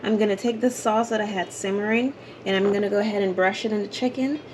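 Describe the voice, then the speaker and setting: A woman's voice: medium pitch, steady tone, fast, noisy background. A woman hosting a home cooking video, explaining each step in a chatty way from her kitchen. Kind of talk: casual cooking demonstration.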